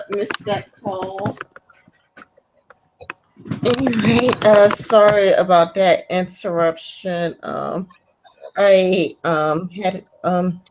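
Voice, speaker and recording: Slow, halting woman interviewer. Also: medium pitch, a little hiss or hum, low-quality recording. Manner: hesitant, halting with many ums. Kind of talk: casual interview questions.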